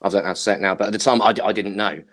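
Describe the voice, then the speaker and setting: A man's voice: lowish voice, fairly even intonation, rapid-fire, fairly bright tone. A man co-hosting a podcast, playful and fond of telling jokes. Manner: playful joke-teller. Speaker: co-host. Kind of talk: casual podcast chat.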